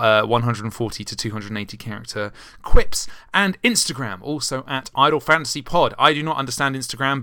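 A man hosting and running a tabletop game with a bright, crisp and smooth voice. He talks in a casual, jokey way and drops wry asides. The sound is close and dry. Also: mid-range voice, no room sound. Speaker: podcast host and game master. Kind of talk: casual podcast chat and game narration.

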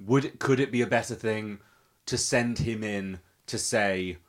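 A man playing a tabletop role-playing game who makes quick, giggly asides. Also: fairly low pitch. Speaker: player. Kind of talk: casual table chat.

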